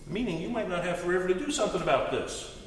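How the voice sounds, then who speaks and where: A male pastor preaching a sermon in an animated, earnest, storytelling manner. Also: sits high, fast, slight background noise. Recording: echoey hall, distant mic.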